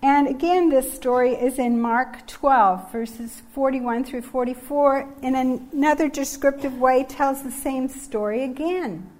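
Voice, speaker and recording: A woman's voice: sits high, measured pace, few pauses, a little mellow. A woman giving a sermon on generosity, earnest and emphatic, reading scripture passages from slides. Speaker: preacher.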